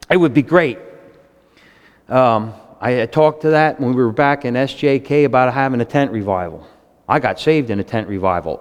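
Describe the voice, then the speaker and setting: A man in his fifties preaching a sermon with excitable storytelling, speaking. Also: long reverb tail. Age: 50s. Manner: excitable, storytelling, animated swings in pitch.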